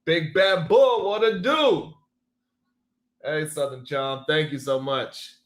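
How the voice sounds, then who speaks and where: Playful, slow-talking male stream host. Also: on the high side, echoey room. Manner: greets chatters by name, laughs often, playful. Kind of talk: casual live-stream chat.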